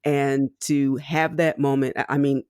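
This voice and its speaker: Podcast host, mid-pitched and reflective, in a dry, close recording. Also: little pitch movement, a little slow, a little mellow, clear, resonant tone, no room sound. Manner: reflective, encouraging. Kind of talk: interview chat.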